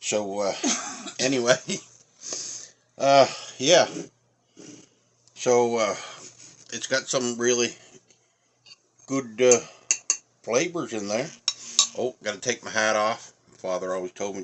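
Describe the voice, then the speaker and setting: Chewing between remarks, a middle-aged man with an Atlantic Canadian accent from Nova Scotia gives a rambling, filler-heavy food review. His medium-pitched voice is slow, pausing often.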